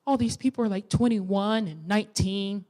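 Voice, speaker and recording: A woman in her twenties preaching a sermon in a church, lively and exhorting, with playful asides. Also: mid-range voice, moderate pace. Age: 20s. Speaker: women's ministry speaker.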